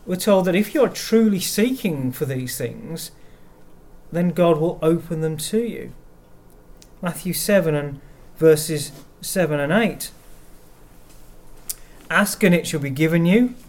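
A man giving a sermon, speaking in a measured way and reading verses aloud. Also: a little high, lively intonation. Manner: slow, measured delivery with verses read aloud. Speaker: preacher.

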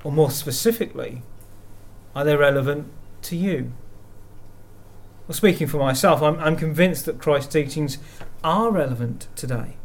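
A man giving a sermon, speaking in a measured way and reading verses aloud. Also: on the high side. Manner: slow, measured delivery with verses read aloud. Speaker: preacher.

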